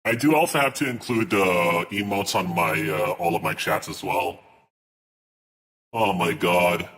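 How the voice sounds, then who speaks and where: A man's voice: low voice, normal speed, background noise. A man chatting casually on a live stream, ranting in exasperation and swearing as he reads his chat aloud.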